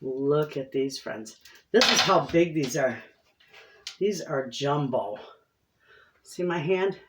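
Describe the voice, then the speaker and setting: A woman's voice: low voice, animated, slow, very noisy. Woman vlog host, chatty and homey, recorded in an echoey kitchen. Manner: chatty, talks straight to viewers. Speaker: homestead baking vlog host. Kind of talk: casual kitchen vlog chat. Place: home kitchen.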